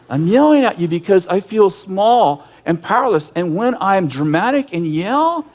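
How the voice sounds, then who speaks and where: Animated man giving a conversational sermon. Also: high-pitched, normal speed. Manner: animated storyteller who acts out yelling scenes; direct and emphatic, with frequent restarts. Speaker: ministry leader and teacher.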